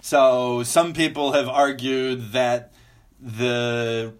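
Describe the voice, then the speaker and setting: Slow, measured male scientist. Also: medium pitch, flat delivery, clear, resonant tone. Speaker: geophysicist guest. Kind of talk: explanatory conversation.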